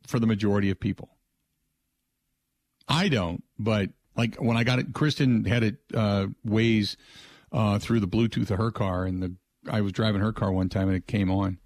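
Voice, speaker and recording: A man's voice: on the low side, no room sound. A man hosting a sports talk radio show, chatting loosely with restarts and asides. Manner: rambling, frequent restarts and filler asides.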